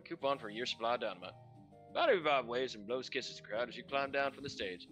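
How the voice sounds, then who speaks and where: A man reading a game's narration aloud in a steady storybook way on a stream. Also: mid-range voice, fast talker, soft background music. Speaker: narrator reading game text.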